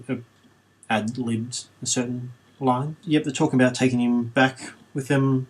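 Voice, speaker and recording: A man's voice: mid-range voice, breathy edge. A man reading a children's book aloud with sarcastic, irreverent commentary, swearing freely. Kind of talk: comedic audiobook reading with commentary.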